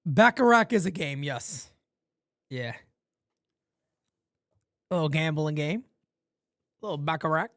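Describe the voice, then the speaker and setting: Male fan streamer calling play-by-play from a home studio, lively swinging pitch, slow easy pace, shouts on big plays. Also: no room sound. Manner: shouts on big plays, mutters low asides between pitches. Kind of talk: live fan play-by-play commentary.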